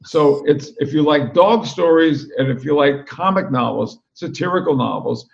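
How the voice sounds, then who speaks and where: An older man as an interview guest and author, chatting casually and telling animated anecdotes over a video call. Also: on the high side, normal speed, gravelly, highs cut off. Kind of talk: casual chat.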